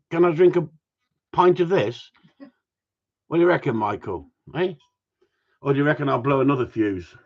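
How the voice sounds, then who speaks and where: A gundog trainer with a husky, medium-pitched voice chats casually with viewers outside in the cold, rambling along while reading comments and joking. The audio comes across muffled and lo-fi.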